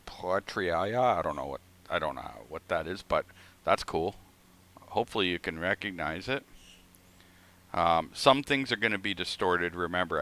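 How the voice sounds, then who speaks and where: A man's voice: deep voice, sharp tone. A man streaming a flight simulator, telling a rambling, profane story in casual chat.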